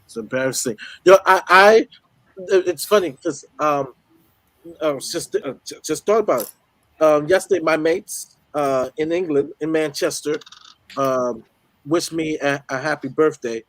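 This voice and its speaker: A man's voice: fairly high pitch, a little slow, fairly bright tone, dry recording, rough recording. A man on a football podcast telling a casual anecdote, hesitant and full of ums. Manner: hesitant, lots of ums and restarts.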